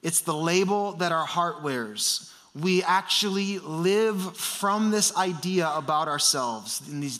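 A man's voice: on the high side, fairly bright tone. A man in his thirties preaching an earnest sermon, building emphasis through repeated phrases. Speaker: pastor.

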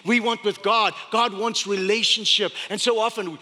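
High, bright-voiced preaching pastor in a hall. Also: male voice, steady tone, normal speed, hardly any pauses. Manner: swings from loud urgent preaching to hushed prayer. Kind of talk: sermon. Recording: echoey hall with music behind.

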